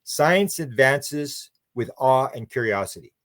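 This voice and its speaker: This Canadian UFO researcher, a guest with a Canadian accent, talks slowly in a mid-range voice while answering interview questions. In telling his story, he performs the quoted dialogue with lively changes in voice.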